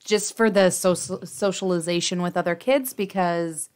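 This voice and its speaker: A woman's voice: fairly low pitch, steady tone, moderate pace, darkish tone, clear, resonant tone. A woman co-hosting a podcast, a mother of several who laughs often and quotes others in casual chat.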